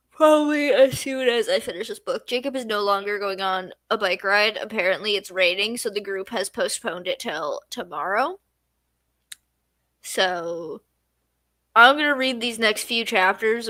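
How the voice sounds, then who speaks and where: A woman's voice: a little high, a bit bright, dry recording. A tired young woman chatting casually on a late-night livestream at home, yawning and drowsy. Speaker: streamer.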